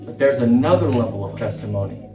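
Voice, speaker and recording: A middle-aged pastor preaches a fervent, impassioned sermon in a church sanctuary, repeating phrases for emphasis. His medium-pitched voice talks fast with lively intonation. The mic is distant, the room echoes, and faint music plays.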